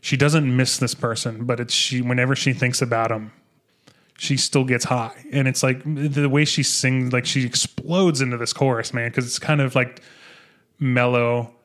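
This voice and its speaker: A young man hosting a podcast, chatting casually and excitedly about an album, swearing and restarting his sentences. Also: medium pitch, normal speed. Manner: excitable, profane, rambling with restarts. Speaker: podcast host. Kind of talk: casual music review chat.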